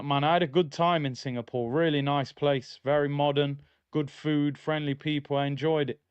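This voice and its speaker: His voice sits a little high, steady and smooth, at a moderate pace with few pauses. A young man is live-streaming a football watchalong, casually reacting, getting loud at chances, and reading chat, through a streaming mic with no room sound and the highs cut off.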